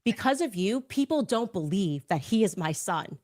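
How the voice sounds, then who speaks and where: A woman's voice: mid-range voice, big pitch swings, normal speed, a little mellow, close to an everyday voice. A woman voicing a petulant, confrontational man in a whiny, affronted tone as she retells a story. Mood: indignant.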